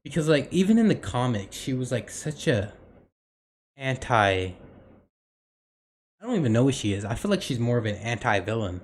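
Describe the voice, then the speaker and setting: A man's voice: medium pitch, big pitch swings, moderate pace, long pauses, slight background noise. A young man co-hosting a podcast in casual chat, rambling with many fillers and restarts. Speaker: podcast co-host.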